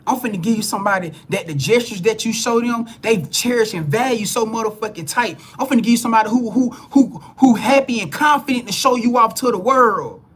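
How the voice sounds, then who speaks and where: A man's voice: extremely high pitch, a little fast, few pauses, fairly bright tone, slightly rough. A man giving a live spiritual reading to viewers, blunt and preachy, swearing freely and repeating himself as he builds emphasis. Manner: repeats words and restarts phrases when heated. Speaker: spiritual reader.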